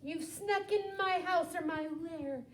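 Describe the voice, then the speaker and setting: A woman's voice: extremely high pitch, measured pace, a little hiss or hum. A woman voicing a big male bear woken from his sleep, reading him with a sulky, complaining manner in an echoey room. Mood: grumpy.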